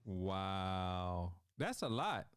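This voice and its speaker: A man hosting a casual talk show interview, playful and animated, laughing often and talking straight to his viewers. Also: low voice, drawn-out words, clear, resonant tone, no room sound.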